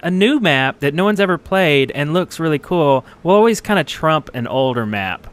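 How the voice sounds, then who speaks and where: A man co-hosting a podcast in casual chat, easygoing and quick to agree and laugh. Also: a little high, lively intonation, clear, resonant tone. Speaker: podcast co-host.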